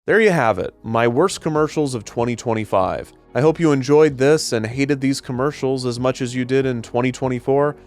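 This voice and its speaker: A man's voice: mid-range voice, moderate pace, hardly any pauses, faint music behind. A man hosting a comedic commentary show, ranting in an exasperated, sarcastic way.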